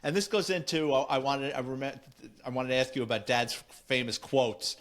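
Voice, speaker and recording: A man in his fifties from the Bronx hosts a podcast, recalling family stories in a relaxed, conversational way. His voice sits at an ordinary mid pitch. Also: brisk. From the Bronx, New York. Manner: reminiscing, storytelling. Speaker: podcast host. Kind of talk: casual chat.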